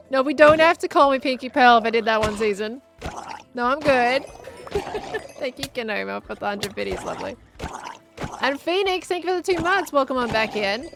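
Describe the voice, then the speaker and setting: A woman's voice: sits high, a bit bright. A woman chatting casually on a gameplay livestream, reading viewer messages aloud and answering them as she plays. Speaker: streamer.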